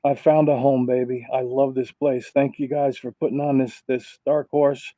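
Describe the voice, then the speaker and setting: A man's voice: medium pitch, level tone, moderate pace, warm tone, no room sound, rough recording. A man, a sim racing driver recovering from illness, giving heartfelt, rambling thank-yous over voice chat.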